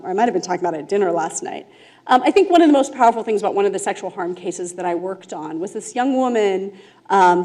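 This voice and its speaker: A woman speaking at a conference, telling a case story in an animated way, laughing often and checking in with "right?". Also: medium pitch. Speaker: conference speaker, restorative justice facilitator. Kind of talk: storytelling talk to a conference audience. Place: conference room.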